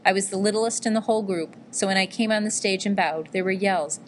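A woman narrating a memoir-style novel in a measured, gentle storytelling manner. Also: medium pitch, a little hiss or hum. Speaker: audiobook narrator.

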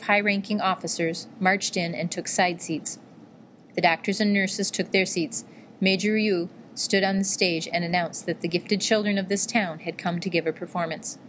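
A faint hiss lies under the voice of a woman narrating an audiobook. Her pitch is fairly low, and she reads the memoir-style novel in an even, gentle, measured way.

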